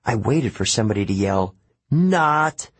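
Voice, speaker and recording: A man narrating an audiobook in the first person, with expressive storytelling. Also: lowish voice, moderate pace, slightly rough, dry recording.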